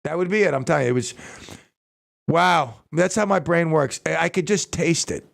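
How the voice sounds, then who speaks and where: A man hosting a radio talk show, rambling excitedly and stumbling over his words. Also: on the high side, moderate pace, creaky.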